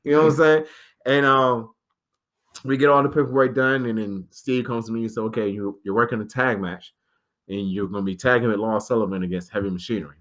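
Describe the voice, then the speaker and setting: A young man chatting as a guest on a casual podcast, with an ordinary mid-range voice. He tells his stories in an easy, relaxed way, often laughing and acting out what others said in lively put-on voices. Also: mid-range voice, a little fast. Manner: animated, acts out quoted dialogue in changing voices. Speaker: podcast guest, pro wrestler. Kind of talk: casual storytelling chat.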